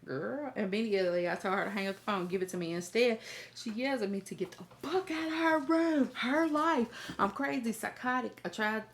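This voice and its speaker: A woman's voice: a little high, expressive, moderate pace, slight background noise. A woman host reading a viewer's email aloud and reacting in a blunt, profane, chatty way, talking straight to her viewers.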